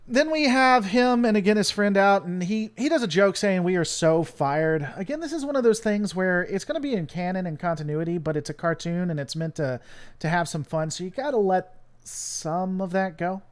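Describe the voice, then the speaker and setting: A man's voice: high voice, expressive, fairly quick. A man from the United States hosting his channel, rambling and joking with lots of fillers in casual live-stream commentary. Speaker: channel host.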